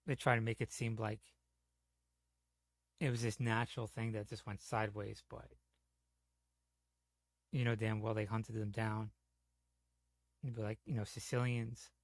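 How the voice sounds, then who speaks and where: A man's voice: lowish voice, level tone, unhurried, long pauses, no room sound. A man chatting casually on a gaming stream, telling rambling, profane stories full of "you know". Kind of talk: casual storytelling chat.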